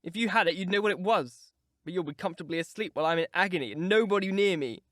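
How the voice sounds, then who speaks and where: A man's voice: high voice, quick pace, a bit bright, dry recording, clean studio sound. A man reading an audiobook, voicing a sickly, spiteful teenage boy with a whiny, petulant manner. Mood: self-pitying.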